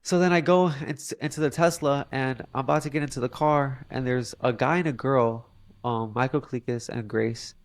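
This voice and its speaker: A man's voice: medium pitch, steady tone, moderate pace, no echo. A young man telling a personal story in a casual, earnest way, often saying "like" as a filler. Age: young adult. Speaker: podcast guest.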